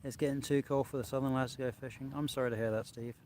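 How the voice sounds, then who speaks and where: A man's voice: medium pitch, fairly even intonation, quick pace, a little mellow, slight background noise. A man hosting a casual live stream outdoors by a lake, chatting and reading out viewer comments, filmed on a handheld phone. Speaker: vlog host.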